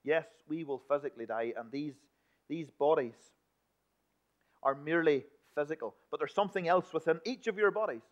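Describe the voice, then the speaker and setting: A man preaching a sermon in a church, emphatic one moment and hushed the next. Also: fairly high pitch, moderate pace. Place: church building. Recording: dull lo-fi recording.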